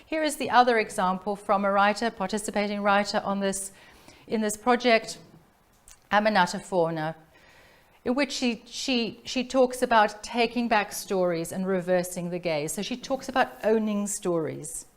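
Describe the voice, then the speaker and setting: A middle-aged woman from South Africa giving an academic lecture on literature, measured and reflective, pausing to restart her phrases. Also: mid-range voice. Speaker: literature professor giving a talk.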